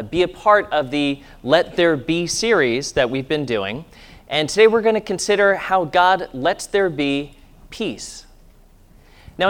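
Male pastor, slightly higher voice, calm sermon delivery that drops to a hushed tone for meditation. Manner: calm, slows to a soft hushed voice when leading meditation. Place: church sanctuary.

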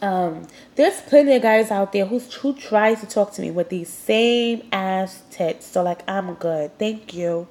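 A woman's voice: mid-range voice, unhurried, hardly any pauses, darkish tone. A young woman hosting a podcast, talking candidly and rambling with lots of "like" fillers, a little congested and sniffling. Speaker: podcast host. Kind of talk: personal confessional monologue.

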